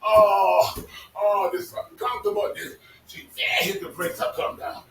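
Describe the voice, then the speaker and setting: A man telling casual stories to his vlog audience, animated and laughing, cursing freely as he talks. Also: sits high, unhurried. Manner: animated, swearing, laughing storyteller. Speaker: vlogger. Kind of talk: casual storytelling monologue. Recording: echoey, distant mic with faint noise.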